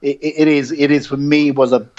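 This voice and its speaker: A man talking as a guest on a podcast, speaking haltingly and repeating words. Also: fairly high pitch, level tone, a little mellow, lo-fi sound. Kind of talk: casual interview chat.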